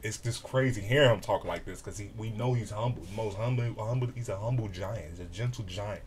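A man hosting a reaction video, excitable and animated, swearing freely as he comments. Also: lowish voice, brisk, slight background noise.

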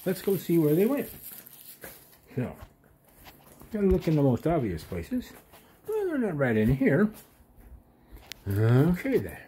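A man's voice: on the high side, huge pitch swings, unhurried, long pauses, warm tone, slight background noise. A man at home, counting aloud and then musing to himself as he searches the rooms.

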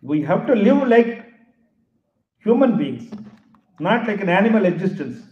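A man's voice: high-pitched, very animated, lo-fi sound. Male professor, emphatic speech, roomy echoey hall. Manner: emphatic, repeats key phrases, deliberate. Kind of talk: public lecture.

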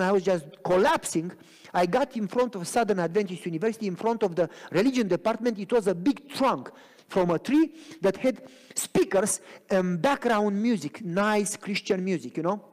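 A man preaching a sermon in a church, dramatic, swinging from loud cries to near whispers and asking the congregation if they follow him. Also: sits high, lively intonation, moderate pace. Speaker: pastor. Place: church sanctuary. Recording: long reverb of a church hall.

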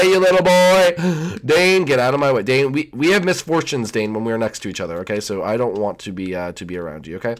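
A young man calls a kart race among friends, his fairly high voice leaping from low muttering to shrill yelps whenever something goes wrong. He teases teammates, counts down starts and cheers his wins with real excitement, full of bouncy, animated swings. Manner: excitable, swings from mumbling to shrieking; playful trash talk with teammates. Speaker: gaming channel host. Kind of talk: live gameplay commentary.

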